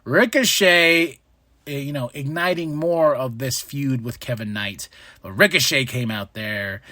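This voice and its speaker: A man's voice: mid-range voice, a little slow, no room sound. A man hosting a podcast, recapping a wrestling show in casual chat and acting out what people said in different voices. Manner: animated, acts out quotes in different voices. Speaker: podcast host.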